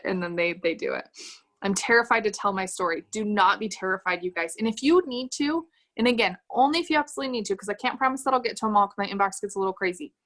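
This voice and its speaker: A direct-sales team leader motivates her sales team on a livestream, full of enthusiasm, and reads out comments from the chat. Her voice sits in the middle range with a fairly bright tone.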